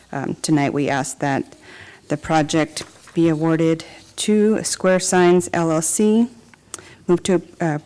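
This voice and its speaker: A woman's voice: sits low, warm tone, rough recording. A woman presenting a report to a city council, reading figures and lists steadily with the odd filler. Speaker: city department director. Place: council chamber.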